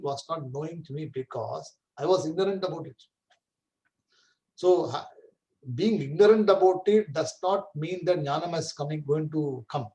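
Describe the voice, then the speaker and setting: A Vedanta teacher leads a scripture class in a fairly high, slightly mellow voice, captured with poor audio. He explains patiently and keeps checking that listeners follow with "right?" and "correct?"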